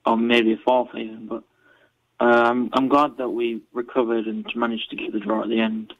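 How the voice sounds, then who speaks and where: A man calling in to a football phone-in, hesitant and measured with many fillers, heard over a phone line. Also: medium pitch, flat delivery, no room sound. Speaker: caller, football fan. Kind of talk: phone-in call.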